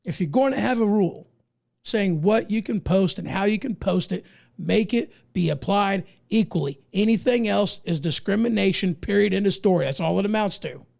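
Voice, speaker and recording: A man's voice: high-pitched, moderate pace, gravelly, a little mellow. A man from the United States who is losing his voice, giving emphatic, indignant opinion commentary as a podcast host and reading articles aloud in a folksy way.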